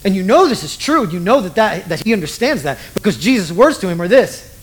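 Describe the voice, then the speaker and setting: A man's voice: high voice, very animated, fairly quick, a little hiss or hum. A middle-aged man preaching a sermon in a casual, joking way, acting out the voices of the people he quotes. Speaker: pastor.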